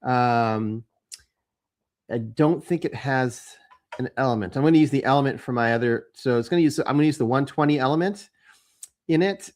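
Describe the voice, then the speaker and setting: A man with a mid-pitched voice talks casually to his viewers. He rambles along, stopping often for ums and uhs and starting his sentences over. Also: moderate pace, a little mellow. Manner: rambling, with many fillers and restarts. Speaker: homebrewing channel host. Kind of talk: casual chat to camera.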